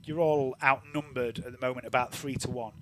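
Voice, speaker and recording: A man running a tabletop game as game master, narrating in a relaxed, rambling way with lots of fillers. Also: mid-range voice, moderate pace.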